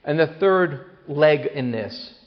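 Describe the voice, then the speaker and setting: Animated man lecturing in a reverberant hall. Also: on the high side, slow. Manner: animated storyteller, acts out quoted voices, many restarts. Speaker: speaker at a parenting talk. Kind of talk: lively talk to an audience. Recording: long hall reverb, dull lo-fi sound.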